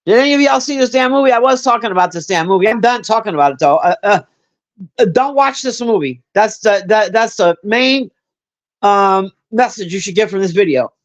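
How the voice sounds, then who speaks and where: A man with a high-pitched voice streams live, chatting casually with his viewers. He swears freely and rambles with plenty of fillers, calling out people in chat by name. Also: animated, fairly quick. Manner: profane, rambling, with many fillers; talks straight to chat by name.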